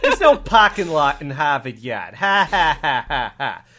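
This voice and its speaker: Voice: mid-range voice, very animated, measured pace, bright, forceful tone, a little hiss or hum. A performer improvising a bumbling small-town cop with a put-on Texas drawl, rambling and stammering. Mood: blustering. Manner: rambling, stammering, repeating "all right". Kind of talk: improv comedy scene.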